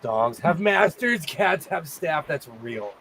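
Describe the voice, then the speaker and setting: A man from California chats casually as host of a home sewing stream. He talks quickly and loosely, with a slightly high voice. The stream audio carries a clear hiss of background noise. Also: very animated. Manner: quick, chatty talk. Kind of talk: casual livestream chat.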